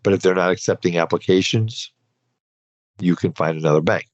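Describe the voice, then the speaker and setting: A man's voice: deep voice, a little fast, no room sound. A man hosting a podcast, explaining financial rules in a conversational, advisory way with loose asides. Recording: dull, dry podcast recording.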